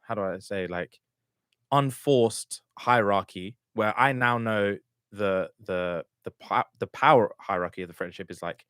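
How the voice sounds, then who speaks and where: A man's voice: fairly low pitch, unhurried, clear, resonant tone, no echo, studio quality. A man co-hosting a casual chat podcast, telling stories and acting out what his friends said. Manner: animated storyteller acting out friends' lines. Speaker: podcast co-host.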